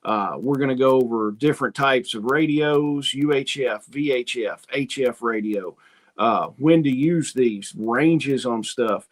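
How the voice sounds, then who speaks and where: A man's voice: mid-range voice, a little slow. Folksy rambling male homestead host. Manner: rambling, folksy storytelling with quoted asides. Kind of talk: casual livestream chat reading comments.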